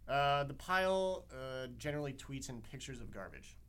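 A man's voice: mid-range voice, expressive, a bit bright, clear, resonant tone. Young male reporter guest, mid-range voice, careful and hesitant answers. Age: young adult. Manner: measured, hesitant, many uh fillers. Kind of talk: interview answers.

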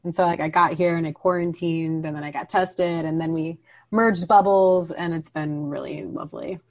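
A woman's voice: fairly low pitch, steady tone. A woman hosting a podcast interview, encouraging her guest and asking friendly follow-up questions in a casual tone. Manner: encouraging, quick to affirm and ask follow-up questions. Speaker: podcast host.

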